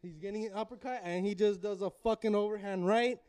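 A man's voice: sits high, quick pace, clear, resonant tone, dry recording, recorded from a distance. A man telling a boxing story in casual chat. He swears a lot, gets carried away, and acts out the lines of the people in the story. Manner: excitable, swears a lot, shouts during the story, laughs often. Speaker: podcast co-host.

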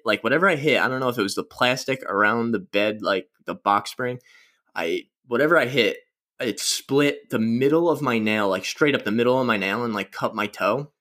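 A man's voice: lowish voice, bright, forceful tone. A young man hosting a casual solo podcast, rambling through stories with crude, self-mocking jokes. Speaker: podcast host.

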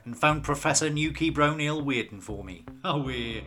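A man, deadpan, playing the lead and narrating a comedy audio drama. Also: on the high side, normal speed, long reverb tail.

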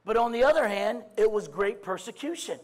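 Preaching animatedly and briskly in a high voice, a man shifts between quiet musing and loud shouting. His sermon is full of stammered restarts and repeated "I mean."

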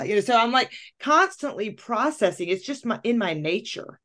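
A woman coach and host telling a personal story in casual conversation, acting out her own thoughts with lively emphasis. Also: mid-range voice, normal speed, hardly any pauses.

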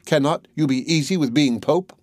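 A man's voice: on the high side, moderate pace, a little mellow, no echo, studio quality, pitched above the performer's own voice, close to an everyday voice. A man reading the part of a timid, humble fisherman who speaks in a fearful, pleading way.

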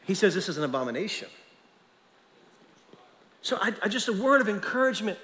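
A man's voice: high voice, big pitch swings, fairly quick, long pauses, sharp tone. A man preaching a sermon as pastor, emphatic, often repeating words as he presses a point home. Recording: long reverb of a large hall.

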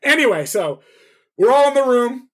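Very high-pitched at a moderate pace, a young man co-hosts a podcast, narrating a story with animated, casual cursing and impersonating the people he quotes.

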